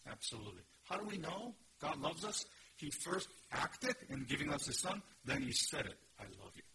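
A man's voice: on the high side, very animated, normal speed, background noise. A man preaching a sermon, teaching earnestly and emphatically and asking his listeners questions. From Korea. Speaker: pastor. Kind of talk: expository sermon.

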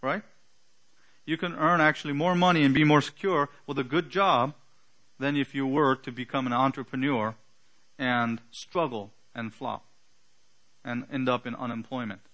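A man preaching an earnest sermon, teaching with emphatic pauses and the odd filler. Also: medium pitch, fairly bright tone. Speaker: pastor.

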